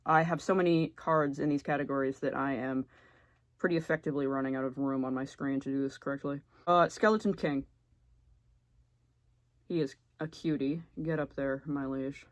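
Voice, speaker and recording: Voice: medium pitch, steady tone, moderate pace, no room sound. A young adult YouTuber giving blunt, sarcastic, casual comedic commentary and swearing freely. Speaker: YouTuber ranking game characters.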